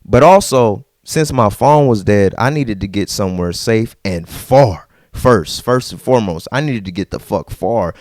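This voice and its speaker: A man hosting a podcast, telling a story in a casual, animated and profane way and acting out the people in it. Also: fairly low pitch, a little slow, hardly any pauses, dry recording, studio quality. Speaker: podcast host.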